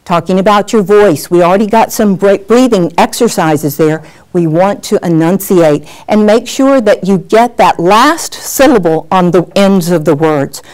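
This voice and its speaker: A middle-aged woman teaching a workshop on presenting on camera, animated and acting out examples as she talks. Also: mid-range voice, unhurried. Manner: lively, animated, acts out examples. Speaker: on-camera skills coach. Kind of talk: workshop lesson.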